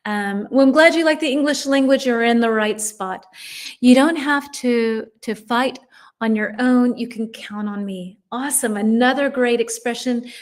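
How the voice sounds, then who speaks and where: A middle-aged woman with a somewhat high voice runs a live English lesson from her own stream. She talks in a chatty way, reading out viewers' comments and answering them as she goes. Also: moderate pace. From United States. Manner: chatty, reads viewers' comments aloud and reacts warmly. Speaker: English teacher.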